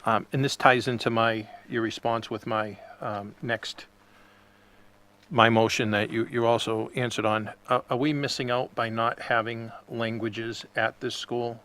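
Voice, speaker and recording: A man on a school committee asking questions at a public meeting, speaking in a deliberate, plainspoken way. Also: medium pitch, little pitch movement, sharp tone.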